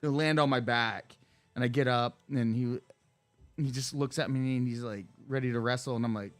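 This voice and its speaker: A man in his thirties tells a story on a podcast in loose, casual chat. He rambles, swears freely and restarts his sentences often, his pitch sitting in an ordinary middle range. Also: flat delivery, a little fast, soft background music. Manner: rambling, profane, many restarts and fillers. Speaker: podcast guest.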